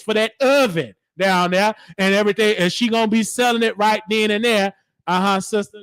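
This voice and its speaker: A man's voice: sits high, steady tone, a little fast, a bit bright, smooth, no echo. A man delivering a comedic mock sermon in a preachy, scolding church cadence. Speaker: host.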